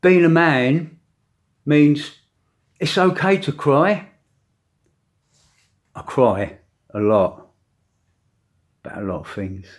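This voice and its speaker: An older man with grandchildren giving a preachy opinion rant to camera, with dramatic pauses and emphatic repetition. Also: on the high side, very animated. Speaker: vlogger.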